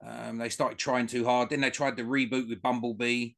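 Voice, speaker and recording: A man's voice: medium pitch, level tone, moderate pace, creaky, fairly bright tone. Easygoing man chatting on a podcast. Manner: easygoing, hesitant with fillers. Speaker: podcast co-host. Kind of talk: casual chat.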